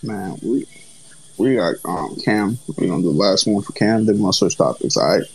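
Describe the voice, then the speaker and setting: Husky, laid-back podcast co-host. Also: sits low, brisk, poor audio. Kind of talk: casual chat.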